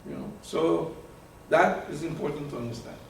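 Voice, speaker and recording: A man giving a live talk to an audience, animated and often repeating words as he searches for terms. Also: on the high side, moderate pace, creaky, a little hiss or hum. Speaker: presenter. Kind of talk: live lecture with audience questions. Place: meeting room with an audience. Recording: very echoey room from far off.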